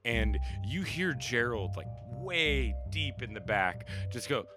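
A man runs a tabletop game as game master, narrating loosely, with lots of laughter and restarts. Music plays clearly behind his voice. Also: medium pitch, sing-song, slow.

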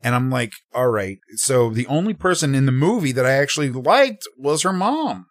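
Animated man in casual film chat. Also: mid-range voice, normal speed, no room sound, studio quality. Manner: animated, acts out quoted reactions. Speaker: podcast co-host.

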